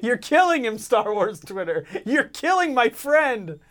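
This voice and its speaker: A man co-hosting a casual podcast, talking in an animated way, teasing and laughing often. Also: very high-pitched, a little slow. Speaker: podcast co-host.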